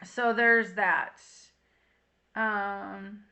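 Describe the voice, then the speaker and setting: A woman's voice: mid-range voice, fairly even intonation, extremely slow, gravelly, pushed and bright, highs cut off. A woman doing a casual tarot reading to camera, chatty and emotional, reading song lyrics aloud. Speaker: tarot reader.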